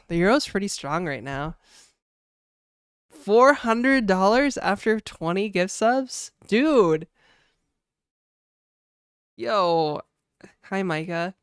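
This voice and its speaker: Slow, smooth-voiced laid-back woman streamer. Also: mid-range voice, no echo, clean studio sound. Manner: laid-back, chatty, full of "like" and "dude", laughing often. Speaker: game developer streamer. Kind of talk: casual livestream chat.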